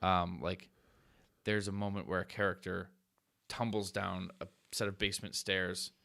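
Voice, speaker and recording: A man with a low voice chats on a podcast, retelling film scenes with lively, swearing energy. The recording is dry and close, with no room sound. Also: moderate pace, vocal fry, no room sound. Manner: animated storyteller, swears casually. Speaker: podcast co-host. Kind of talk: casual chat.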